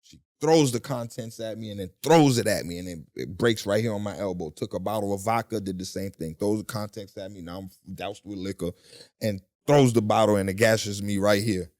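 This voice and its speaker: A man's voice: on the low side, fairly quick. A man telling his story as a guest in a casual interview, with profanity and voices he imitates. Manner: animated, profane storytelling with mimicked voices and shouting.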